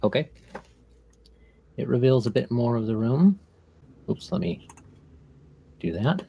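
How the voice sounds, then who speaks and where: A man running a tabletop game as game master, his pitch sitting in an ordinary middle range. He talks through the scene at a measured pace, lingering on the details. The voice is clear and dry. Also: animated, dark tone. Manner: measured descriptive narration, slows on scene details.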